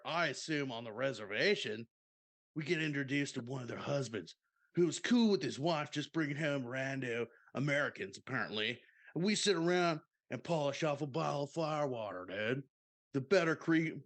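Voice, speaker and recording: A man's voice: mid-range voice, natural voice. A man doing a drawling surfer-dude story. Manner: drawling, peppered with "dude" and "bro". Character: laid-back surfer-dude military man telling a party story. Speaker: podcast co-host reading a listener submission.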